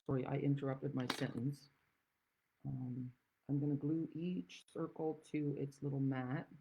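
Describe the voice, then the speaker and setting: A woman's voice: very deep voice, little pitch movement, measured pace, creaky, noisy background. A woman from the Netherlands hosting a card-making tutorial, chatting with rambling, self-deprecating asides. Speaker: craft demonstrator and channel host.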